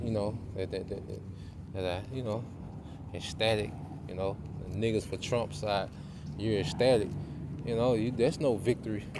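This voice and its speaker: A man giving an informal sermon, reading scripture verses aloud more slowly and tagging his points with "okay?" and "man". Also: fairly low pitch, mellow, a little hiss or hum. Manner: punctuates with tag questions and "man". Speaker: preacher.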